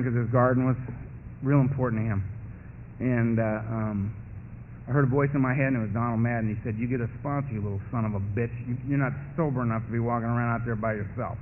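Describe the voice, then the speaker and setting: A middle-aged man telling his personal story to a live audience at a recovery meeting, animated and wry, acting out the voices of others. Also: on the high side. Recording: phone-like muffled recording with faint hum.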